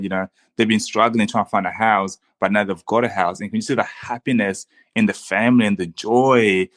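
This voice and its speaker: An earnest young man with a fairly low voice, talking in a relaxed podcast conversation. He speaks with enthusiasm, often restarting his sentences and calling the host "dude." It sounds like an easygoing chat between friends. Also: a little fast, hardly any pauses. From Congo. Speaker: guest. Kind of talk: casual conversation.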